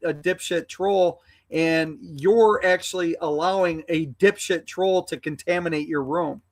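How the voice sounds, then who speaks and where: A man arguing heatedly on a livestream, insulting an opponent with loud bursts. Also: on the high side, unhurried, no echo. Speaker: livestream debate panelist.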